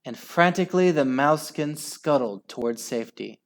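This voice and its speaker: A man reading a children's book aloud with slow, expressive storytelling. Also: a little high. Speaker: storybook reader.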